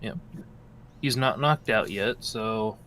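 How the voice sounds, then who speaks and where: A man's voice: on the low side, slow pace, fairly bright tone, a little hiss or hum. A man playing a tabletop game, joking and teasing in casual chat. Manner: playful, jokey and teasing. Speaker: player.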